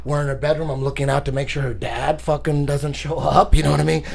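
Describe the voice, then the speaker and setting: A man with a gravelly, husky voice that sits a little high tells crude stories in casual chat. He talks profanely and with energy, and throws in sound effects. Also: level tone, quick pace. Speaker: podcast guest.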